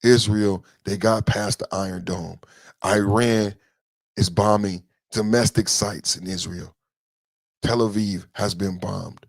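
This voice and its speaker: A man's voice: steady tone, slow, vocal fry, no echo. Impassioned man, dry close sound. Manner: impassioned, repetitive, shifts between low brooding and loud outbursts. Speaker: podcast host. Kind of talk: political commentary monologue.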